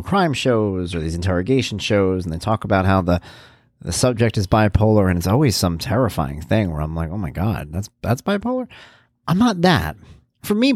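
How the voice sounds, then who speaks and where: A man's voice: on the low side, darkish tone, dry recording, clean studio sound. A man in his forties hosting a podcast, talking candidly and rambling through a personal monologue, now and then acting out voices. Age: 40s. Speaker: podcast host.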